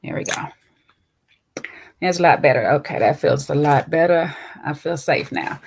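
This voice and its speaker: A woman with a Southern US twang hosting a casual, slangy recap of a reality TV show, chatty and quick to laugh. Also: low voice, gravelly, a little mellow, slight background noise. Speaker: host.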